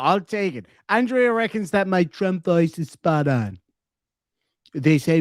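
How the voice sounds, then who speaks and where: A man's voice: a little high, expressive, slow, long pauses, dry recording, studio quality. A man with an Irish accent hosting a livestream, reading super chats aloud in a joking, playful way. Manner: joking, playful, laughs often. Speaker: livestream host.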